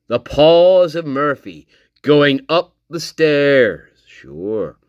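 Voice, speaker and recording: A man hosting a livestream, slowly reading out and mocking a statement in a profane rant. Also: fairly high pitch, lively intonation, smooth, no room sound, dull audio. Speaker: channel host. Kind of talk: livestream commentary.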